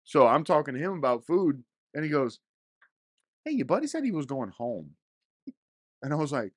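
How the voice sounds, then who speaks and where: A man's voice: a little high, very animated, normal speed, pauses often, no echo, studio quality. A young man telling a rowdy, profane story in casual podcast chat, often laughing. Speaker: storyteller guest.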